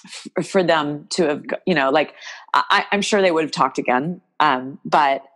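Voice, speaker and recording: A woman's voice: sits low, moderate pace, a bit bright. A woman guest in an interview, telling a personal story in a rambling, emotional way with many restarts. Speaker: guest, game creator.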